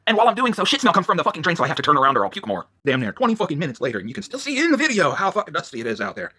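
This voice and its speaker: A worked-up man ranting in a profane vlog, swinging between loud outbursts and low muttering. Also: wildly swooping pitch, very fast, husky. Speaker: vlogger.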